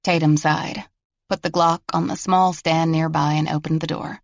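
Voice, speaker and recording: A man narrating a mystery thriller audiobook in a steady, even storytelling way. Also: on the high side, normal speed, vocal fry, no echo, dull audio. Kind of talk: scripted narration.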